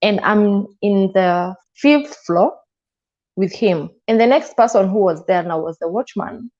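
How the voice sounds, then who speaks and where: A woman with a Kenyan accent tells her own story as an interview guest. She gets emotional and acts out the lines of others in the telling. The recording is a little dull and lo-fi, and her voice sits at a middle pitch. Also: unhurried, a little mellow. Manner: emotional, acts out quoted dialogue. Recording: slightly dull lo-fi sound.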